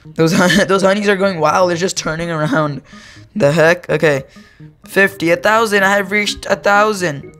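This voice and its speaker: A man's voice: high voice, normal speed, bright, forceful tone, soft background music. A teenage boy giving casual, rambling commentary over his gameplay, often stopping to correct himself. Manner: rambling, self-correcting, easily amused. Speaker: gaming YouTuber.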